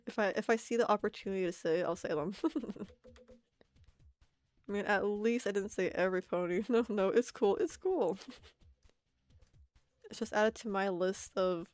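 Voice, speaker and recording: A young woman rambles casually while she draws, laughing at herself and answering chat. Her voice sits in a middle range, close to the mic in a dry space. Soft music plays faintly underneath. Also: mid-range voice, normal speed, pauses often, dry recording. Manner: giggly, self-mocking, reads chat aloud. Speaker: art streamer. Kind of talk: casual stream chatter while drawing.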